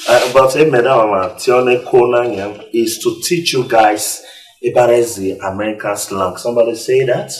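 A man's voice: medium pitch, fairly even intonation, close to an everyday voice. An actor playing a boastful man back from America who mangles American talk in a comedy film. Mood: bragging. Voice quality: laughing, bragging, halting fake-American speech. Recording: echoey, distant, faint music.

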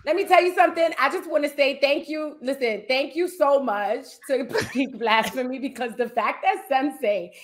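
A woman with a non-native English accent, a panelist talking in a relaxed, laughing way on a casual game show. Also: sits high, normal speed, few pauses. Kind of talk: casual chat.

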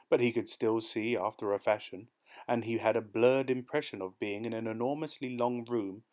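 A man reading a dark short story aloud as an audiobook narrator, in a measured, steady storytelling manner. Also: mid-range voice. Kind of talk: scripted narration.

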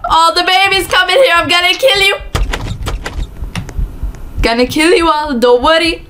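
A woman voicing a playful, taunting killer who hunts children in a game, shouting mock threats over loud keyboard clicks. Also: very high-pitched, lively intonation, a little slow, a little hiss or hum, full character voice.

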